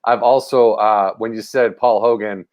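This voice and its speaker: A man, a comedian guest on a video call, telling stories with hesitant, halting starts. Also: lowish voice, fairly even intonation, a little mellow. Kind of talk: casual comedic chat.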